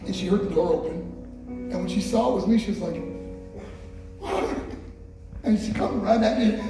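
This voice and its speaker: A man giving a motivational speech to a school assembly, telling his story with emphasis and speaking straight to the audience. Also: sits high. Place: large hall with an audience. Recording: echoey hall from far off.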